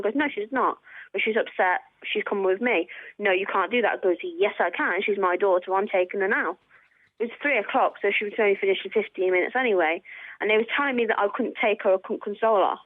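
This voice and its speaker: A woman's voice: medium pitch, fast, no room sound. A woman calling in to a radio show, upset and hesitant, repeating her words as she tells her story. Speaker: caller. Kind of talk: phone-in call. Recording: tinny phone line.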